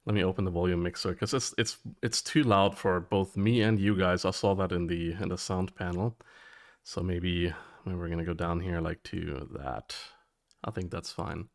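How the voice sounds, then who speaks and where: A man streaming and commenting on a retro adventure game live, chatty and excitable, laughing and cursing now and then. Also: low voice, moderate pace, gravelly. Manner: excitable, chatty, laughs often, curses when surprised.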